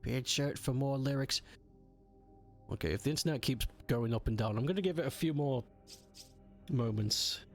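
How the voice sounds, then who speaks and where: A man's voice: mid-range voice, normal speed, long pauses, faint music behind. A man chatting casually while streaming a game, grumbling about technical trouble. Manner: grumbling, easily frustrated by tech trouble. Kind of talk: casual gaming stream chat.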